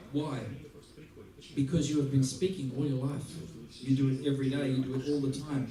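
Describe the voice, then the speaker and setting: A man from Australia giving a music masterclass, playful and lively, acting out little scenes as he teaches. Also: medium pitch, a little fast. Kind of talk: masterclass talk. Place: large theater hall. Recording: roomy hall from a distance. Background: audience laughter.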